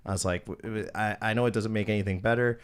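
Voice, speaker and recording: A man's voice: fairly low pitch, fairly even intonation, quick pace, clear, resonant tone. A young man hosting a podcast, telling long profane stories in casual chat and acting out what people said. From Wisconsin. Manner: profane, rambling, acts out quoted dialogue. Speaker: podcast host, former strip club DJ.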